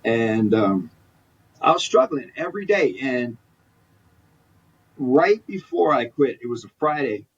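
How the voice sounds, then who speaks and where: A husky-voiced man speaks earnestly, circling back and restarting as he tells his story. He sits back from the microphone, and the recording sounds dull and lo-fi. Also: mid-range voice, big pitch swings, a little slow, long pauses. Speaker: podcast guest. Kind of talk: candid personal storytelling. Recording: distant mic, dull lo-fi sound.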